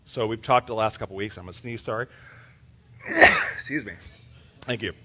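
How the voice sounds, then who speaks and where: Guy pastor preaching casual, kinda joking, bright voice, lots of ums. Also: on the low side, moderate pace. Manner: casual and joking, with many fillers. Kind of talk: sermon. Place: church sanctuary. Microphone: handheld microphone.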